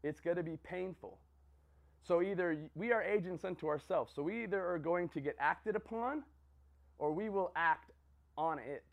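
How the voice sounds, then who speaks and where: A man's voice: high voice, moderate pace, gravelly, lo-fi sound. A man giving a motivational talk to a group, telling a story and checking in with "right?" and "okay?". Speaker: motivational speaker.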